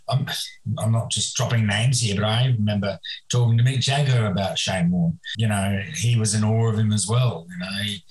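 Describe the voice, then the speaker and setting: A man's voice: fairly low pitch, poor audio. Rambling man in his sixties. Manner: rambling, reminiscent, halting with many restarts. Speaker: guest. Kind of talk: remote podcast interview.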